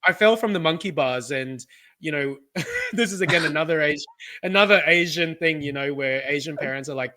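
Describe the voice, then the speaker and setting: A man's voice: fairly high pitch, animated, brisk, bright, forceful tone. A young man co-hosting a casual podcast, telling personal stories in a chatty way and laughing often. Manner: chatty storyteller, laughs often, acts out relatives' voices. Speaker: podcast co-host. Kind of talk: casual chat.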